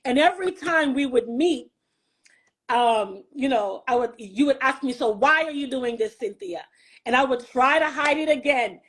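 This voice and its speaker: A woman in her fifties hosting a talk show, telling a personal story in an animated way, laughing often. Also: normal speed. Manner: animated, laughs often, voice jumps high when excited. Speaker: podcast host. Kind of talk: emotional conversational chat.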